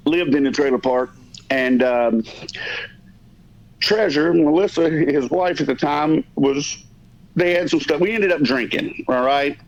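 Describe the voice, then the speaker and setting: Man, podcast host, slightly high voice, rambling profane storytelling, muffled lo-fi sound. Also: measured pace. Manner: rambling, profane, self-interrupting. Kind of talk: casual storytelling. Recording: dull lo-fi audio.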